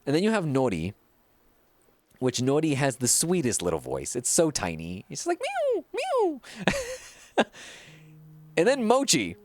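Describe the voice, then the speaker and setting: A gaming streamer casually chatting through gameplay, chatty and giggly and full of fillers. The pitch swings across a very wide range, from low mumbles to bright highs. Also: huge pitch swings, a little slow, pauses often, no echo.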